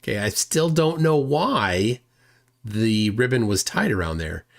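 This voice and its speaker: A man's voice: lowish voice, animated, a little slow, creaky. A man hosting a casual livestream, reading viewer comments aloud and rambling with self-deprecating chuckles. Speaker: livestream host.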